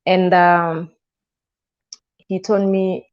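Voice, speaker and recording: Woman guest, lower register, animated storyteller; dull, muffled audio. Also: moderate pace. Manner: animated retelling with frequent "and I'm like" asides. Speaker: guest telling her story. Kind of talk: personal storytelling interview. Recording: slightly muffled, dull sound.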